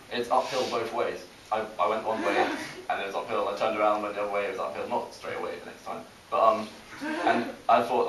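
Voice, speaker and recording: Young British man doing halting stand-up. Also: on the low side, a bit bright. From Britain. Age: young adult. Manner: halting, self-deprecating delivery with many restarts. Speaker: stand-up comic. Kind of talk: stand-up comedy set. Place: college comedy show with a live audience. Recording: echoey, distant, hissy live recording.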